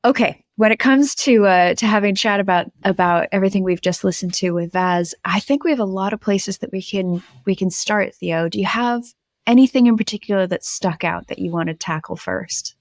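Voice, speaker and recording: A woman's voice: medium pitch, a little fast, no echo, clean studio sound. A woman co-hosting a podcast, encouraging and chatty with her guest. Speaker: podcast co-host. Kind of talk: casual podcast chat.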